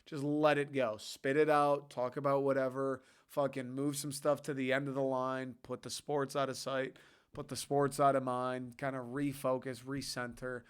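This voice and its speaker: A man's voice: medium pitch, level tone, normal speed, smooth. A young man hosting a solo podcast, rambling loosely and swearing casually. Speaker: podcast host.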